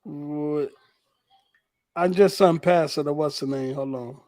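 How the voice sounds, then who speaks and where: A man hosting a gaming livestream in a relaxed, profane, running commentary as he sets things up. His voice sits a bit higher than most men's. The sound is close and dry, with no room around it. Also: slow pace, no room sound. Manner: loose, profane, talks while fiddling with clips. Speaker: livestream host. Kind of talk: casual livestream chat.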